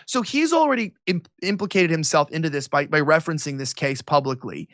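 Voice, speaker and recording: A male political commentator talking as an interview guest, quick and sarcastic, with a mocking edge. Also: high-pitched, sharp tone, no room sound, studio quality. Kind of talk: animated interview talk.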